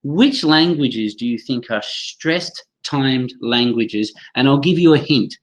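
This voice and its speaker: A man's voice: mid-range voice, slow pace, poor audio. A man leading a live online training for teachers over a computer mic, chatty, reacting to viewers' comments and often restarting his sentences.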